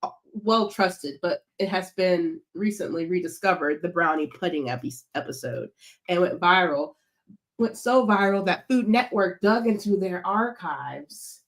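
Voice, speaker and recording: A woman's voice: on the low side, lively intonation, a little slow. A young woman chatting casually, rambling with lots of fillers. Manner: rambling, filler-heavy, giggly. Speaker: co-host. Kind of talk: casual chat.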